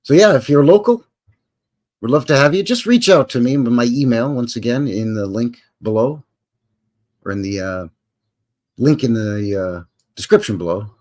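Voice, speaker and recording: Older Canadian man, mid-pitched and animated, folksy rambling live-stream host. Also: normal speed, pauses often. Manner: rambling, folksy and jokey, with slangy asides. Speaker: livestream host. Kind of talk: casual live chat.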